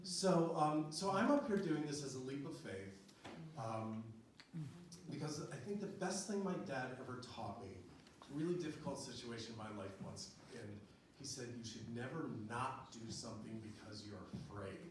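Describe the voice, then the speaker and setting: A man's voice: mid-range voice, sing-song, normal speed. Chatty man telling a story on stage. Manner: chatty, laughing often, many fillers. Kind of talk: personal story told live on stage. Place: small venue with live audience. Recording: very echoey room, distant mic, audience noise.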